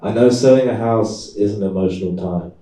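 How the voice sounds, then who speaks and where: A man reading aloud, voicing a pushy middle-aged male estate agent with a brisk, patronizing sales manner. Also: on the low side, mellow, voice pushed up, natural voice. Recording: echoey room, far from mic.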